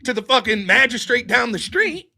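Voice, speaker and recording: Animated American man arguing his point. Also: extremely high pitch, normal speed, gravelly. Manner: argumentative, lively, acts out quoted voices. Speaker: livestream host. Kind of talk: heated political debate.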